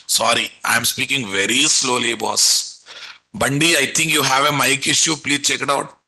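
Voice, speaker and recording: A man's voice: medium pitch, steady tone, normal speed, pushed and bright, slightly rough, low-quality recording. A man teaching a live online class, repeatedly quizzing his students with rhetorical questions and coaxing them along. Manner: repetitive, coaxing teacherly delivery. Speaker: programming instructor.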